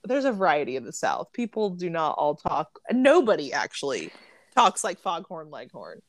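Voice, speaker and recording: Chatty woman reviewing a book, opinionated, laughs a lot, lowish voice. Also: huge pitch swings, moderate pace, dry recording. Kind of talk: casual book review chat.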